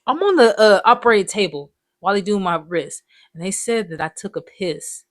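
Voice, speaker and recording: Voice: medium pitch, expressive, a little fast, no echo. A person in their twenties telling life stories in a loose, rambling, profane way, full of slang. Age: 20s. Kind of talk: casual storytime monologue.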